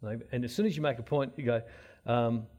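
A man giving an informal sermon-style talk, telling stories with many restarts and swinging between loud and soft. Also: medium pitch, brisk, lo-fi sound. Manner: rambling storyteller, many restarts.

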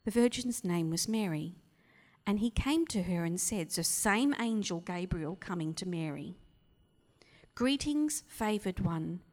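A woman preaching a sermon, telling the story with lively acted-out voices and dropping into whispers. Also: mid-range voice, in a large hall.

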